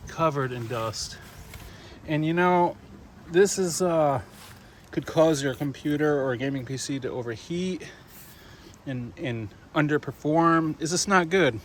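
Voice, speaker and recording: A man's voice: a little high, a little hiss or hum. A middle-aged man talking casually to his viewers in a rambling home vlog, filmed with a handheld camera. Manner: chatty, rambling, addresses viewers as "you guys". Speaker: gaming YouTuber. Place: indoors at home, then outdoors in wind. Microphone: handheld camera mic.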